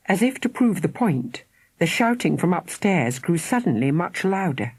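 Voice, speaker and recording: A woman reads a children's story aloud with expressive, lively intonation and dramatic pauses. Her voice is slightly husky. The recording is close and dry. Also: fairly low pitch, dry recording. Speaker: audiobook narrator. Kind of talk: scripted narration.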